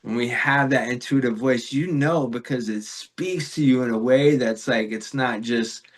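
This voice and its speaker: A man in a podcast interview recounts his experiences in a loose, rambling way, full of fillers and little laughs. His voice sits at an ordinary middle pitch for a man, and his delivery is reflective and unhurried. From Florida. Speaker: podcast guest. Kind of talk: casual storytelling in a spiritual interview.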